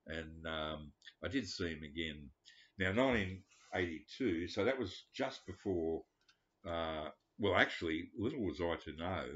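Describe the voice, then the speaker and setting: Man in his seventies, very low voice, foul-mouthed meandering storyteller, dull lo-fi sound. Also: a bit bright. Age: 70s. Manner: profane, meandering, frequent fillers. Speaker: vlogger. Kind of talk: rambling personal storytelling. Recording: dull lo-fi recording.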